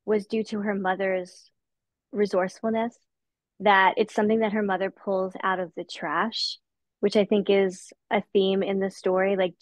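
A woman's voice: medium pitch, dry recording. Woman author, interview guest; reflective, self-correcting delivery; dry, slightly muffled recording. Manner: thoughtful, with restarts and soft laughs.

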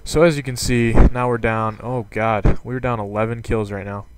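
A young man giving casual commentary on a video game, rambling and excitable, with lots of fillers. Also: medium pitch, normal speed, slight background noise. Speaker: gaming commentator. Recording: game sound and gunfire behind. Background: gunfire from gameplay.

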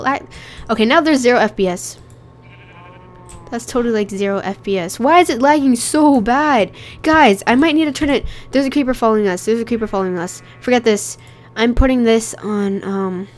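Sick young woman chatting over gameplay. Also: a little high. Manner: chatty, easily exasperated, laughs often. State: sick, coughing, voice rough. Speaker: gaming channel host. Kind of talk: casual gameplay commentary.

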